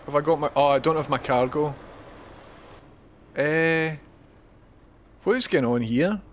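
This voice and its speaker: A man's voice: on the high side, a little slow. A Scottish man chatting and swearing his way through a live gameplay stream, talking to viewers as he plays.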